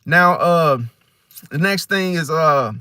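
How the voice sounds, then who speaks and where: A man talking casually to his viewers in a rambling, slang-heavy monologue, animated and swearing freely. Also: fairly high pitch, takes it slowly, clear, resonant tone, no echo, clean studio sound. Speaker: astrology vlogger.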